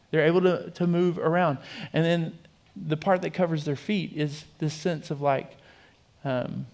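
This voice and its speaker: A man preaching a sermon as pastor, in a conversational way with frequent fillers and restarts. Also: a little high. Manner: conversational, with fillers and repeated words. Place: church.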